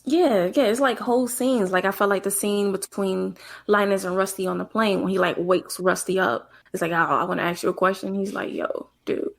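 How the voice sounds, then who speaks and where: A woman's voice: medium pitch, fairly even intonation, a little fast, creaky, few pauses. A woman co-hosting a podcast who gives frank opinions and retells movie scenes. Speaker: podcast co-host. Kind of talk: casual movie chat.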